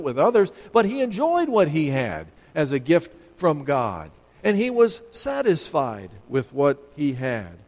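A man preaching a sermon, emphatic and building to sharp, rising points as he makes his case. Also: on the high side, long reverb tail.

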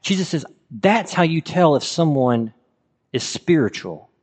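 A man's voice: on the high side, animated, unhurried, darkish tone, breathy edge. A man preaching a sermon in a conversational way, asking his listeners rhetorical questions. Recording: reverberant hall.

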